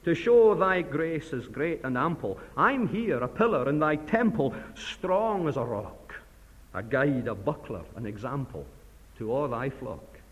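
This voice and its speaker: A man preaching puts on a Scots reciting voice for a self-satisfied old church elder at prayer, low and hushed. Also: lively intonation, a little slow, husky. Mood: sanctimonious. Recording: long hall reverb.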